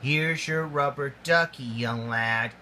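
A man reading the lines of a gruff mailman in a homemade storybook, brusque and scolding. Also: mid-range voice, slow, sharp tone. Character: gruff grown-up male mailman.

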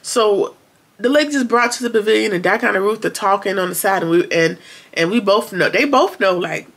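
A woman with a gravelly, fry-tinged voice gives a relaxed recap of a TV episode. She talks colloquially, with sarcastic asides between her retellings. Her voice sits at a middle pitch. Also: brisk. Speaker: TV episode reviewer.

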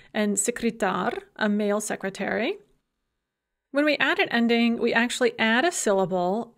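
A woman's voice: mid-range voice, a bit bright. A woman giving a recorded university language lecture, patiently explaining grammar with examples and light humorous asides. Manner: patient, explanatory, gives example words then translations.

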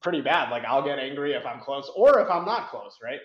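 A young competitive programmer, appearing as a guest in a casual interview, answers questions frankly in an expressive mid-range voice that runs a little fast. He rambles, with plenty of fillers and restarts. The audio is lo-fi, dull and roomy.

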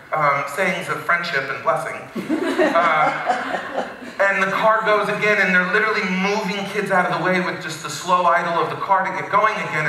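A male pastor telling a story in a sermon, animated and with wry asides. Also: high voice. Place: church sanctuary. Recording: very echoey hall, from a distance.

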